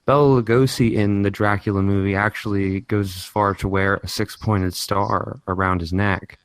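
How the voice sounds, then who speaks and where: Low-voiced man, halting chat. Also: fairly even intonation, clean tone, dry recording. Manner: halting, full of fillers like "like" and "you know". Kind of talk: casual podcast chat.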